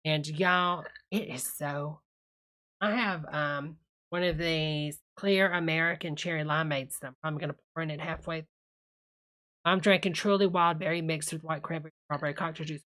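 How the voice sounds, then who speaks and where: A woman hosting as a gushing church lady on a live stream, a little tipsy from her drink, sweet-talking every viewer as honey. Her voice sits fairly low for a woman but comes across bright and forceful, with a drawl that is warm to the ear, all chatter and asides. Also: fairly even intonation, moderate pace. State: tipsy from a cocktail. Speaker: livestream host reading chat.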